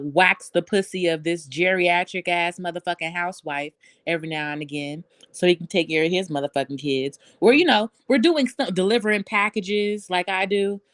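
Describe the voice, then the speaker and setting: A woman's voice: fairly low pitch, no echo. A woman hosting a casual live stream, talking loosely and bluntly with lots of swearing and laughter.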